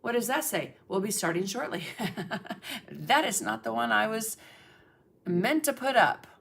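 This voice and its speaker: Her voice is a little high, expressive, creaky and slightly bright, and she keeps a measured pace. A middle-aged art instructor, she hosts a casual livestream, chatting with viewers, naming them in greetings and leaning on fillers.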